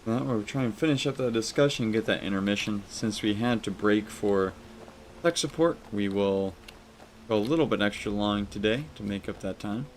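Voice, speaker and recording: A streamer with a stuffy, congested, lowish voice chats casually with his viewers at a moderate pace while playing a game live and commenting on it. He speaks directly to chat, and there's a little hiss or hum in the audio.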